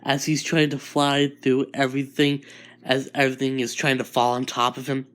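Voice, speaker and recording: A man's voice: mid-range voice, monotone, normal speed, fairly bright tone. A man improvising a fan-fiction story, rambling with many restarts.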